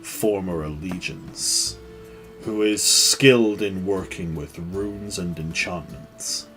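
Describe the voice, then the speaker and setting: A man doing a stern horned warlord, low and commanding. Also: takes it slowly, a bit bright, soft background music. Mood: businesslike. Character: towering grey-skinned horned male warlord, stern.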